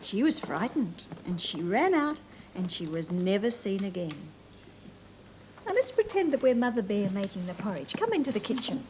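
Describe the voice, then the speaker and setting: A woman's voice: medium pitch, big pitch swings, moderate pace. An Australian woman presenting a children's TV show, telling a story and coaxing answers with questions, on an old hissy TV tape.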